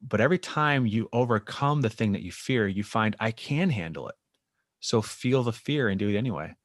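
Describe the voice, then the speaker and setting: A low-voiced man talks as a therapist guest on a podcast, explaining his work in an animated way. He sometimes briefly acts out what clients say. The recording is dry with no room sound. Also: fairly quick, no room sound. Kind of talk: casual interview chat.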